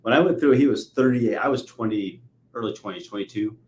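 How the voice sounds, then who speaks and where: A man in his forties hosting a podcast interview, telling stories with lively energy. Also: on the low side, fairly quick. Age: 40s. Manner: animated storyteller, acts out quotes. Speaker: podcast host. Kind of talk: conversational interview. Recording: echoey room.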